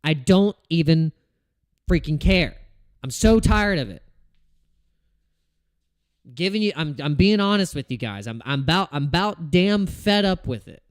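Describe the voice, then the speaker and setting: A man's voice: a little high, lively intonation, measured pace, long pauses, dry recording, clean studio sound. A man hosting a casual livestream about trading, ranting in frustration, swearing and restarting his sentences. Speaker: crypto trading livestream host.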